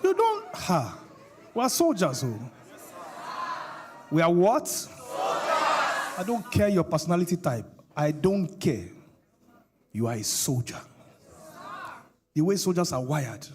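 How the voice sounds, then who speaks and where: A man's voice: on the high side, big pitch swings, a little slow, long pauses, a crowd in the background, background noise. A middle-aged male pastor, preaching a sermon with call-and-response questions to the congregation.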